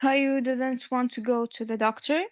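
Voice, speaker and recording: A woman student reading a story aloud and answering questions in an English lesson, slowly and carefully. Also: high-pitched, fairly even intonation, no echo, dull audio.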